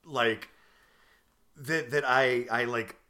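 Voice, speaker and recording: A man's voice: mid-range voice, drawn-out words. A man co-hosting a casual comedy chat, riffing playfully with frequent restarts. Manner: riffing, animated, stumbling restarts. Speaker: podcast co-host.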